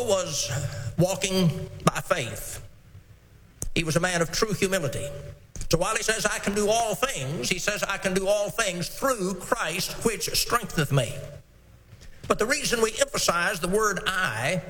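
High-pitched guy preaching slow and emphatic, verse by verse, echoey hall sound. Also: sharp tone, a little hiss or hum. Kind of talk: expository sermon. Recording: long reverb in a hall, faint ambience.

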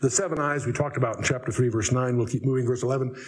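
An older man teaching the Bible verse by verse, wry and conversational, slowing down to read scripture aloud. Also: medium pitch, fairly even intonation, poor audio.

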